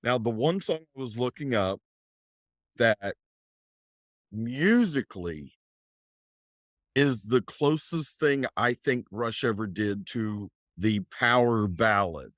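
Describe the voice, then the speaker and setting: Slow, halting man on a podcast. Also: medium pitch, lively intonation, fairly bright tone, no echo, studio quality. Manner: halting, many restarts, drinking beer. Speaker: podcast co-host, guest. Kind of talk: casual podcast chat.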